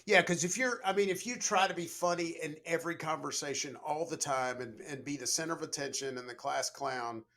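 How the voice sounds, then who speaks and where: Middle-aged man telling relaxed stories. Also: fairly high pitch, brisk, few pauses. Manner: storytelling, relaxed, frequent "you know" fillers. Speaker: guest, leadership coach. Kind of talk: conversational podcast interview.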